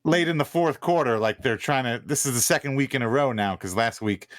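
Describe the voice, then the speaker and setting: A man's voice: mid-range voice, brisk, fairly bright tone, no room sound, clean studio sound. A man co-hosting a casual sports podcast in an easygoing, chatty way. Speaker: podcast co-host.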